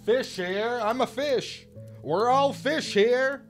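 A man doing a shouting fish hawker. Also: very high-pitched, takes it slowly, soft background music, voice pushed up, full character voice. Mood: boastful. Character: loud yelling fish at a market.

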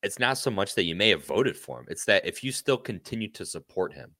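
A man co-hosting a talk show who chats about politics with animated sarcasm. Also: lowish voice, brisk, no room sound, clean studio sound. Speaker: podcast co-host. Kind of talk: casual political chat.

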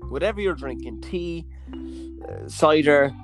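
A man co-hosting a podcast over a video call, jokey and quick in casual chat. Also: fairly high pitch, lively intonation, over music. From Ireland. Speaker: podcast co-host.

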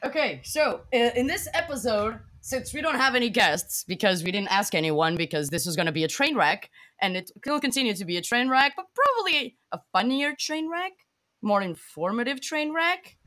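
A woman co-hosting a podcast, chatting casually and cracking teasing, deadpan jokes. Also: a little high, normal speed. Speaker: podcast co-host. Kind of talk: casual chat.

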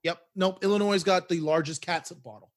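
A man co-hosting a podcast, ranting with animated indignation and laughing through casual banter. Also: high-pitched, fast talker. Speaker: podcast co-host.

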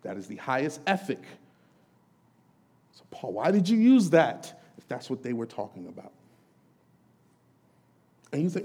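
A male lay pastor delivers a sermon in an animated, conversational way, voicing questions to the apostle as if speaking to him. His voice is mellow and slightly husky, with pitch that swings widely as he preaches. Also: a little slow, long pauses.

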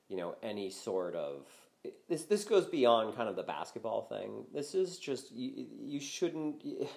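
An older man chatting casually about sports as a podcast guest, speaking animatedly and breaking into loud, high-pitched exclamations. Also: gravelly.

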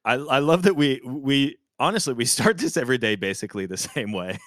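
A man hosting a casual podcast as a pastor, deadpan and playful in his joking. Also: mid-range voice, fairly quick, no echo, clean studio sound. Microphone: remote call.

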